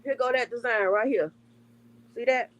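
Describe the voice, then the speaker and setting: A woman's voice: on the high side, normal speed, lo-fi sound. A woman with a country American accent demonstrating crochet stitches on a livestream, explaining step by step and repeating her points. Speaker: crafter guest. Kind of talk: casual crafting demonstration.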